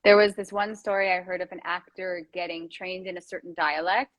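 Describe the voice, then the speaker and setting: A woman hosting a casual interview chat, playful and teasing, quick to joke with her guest. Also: lowish voice, fairly even intonation. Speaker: host.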